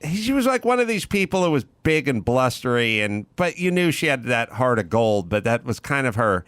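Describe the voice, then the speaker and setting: A middle-aged man hosting a casual chat, an animated storyteller who loudly imitates other people. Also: medium pitch, moderate pace, smooth, no echo. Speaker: podcast host.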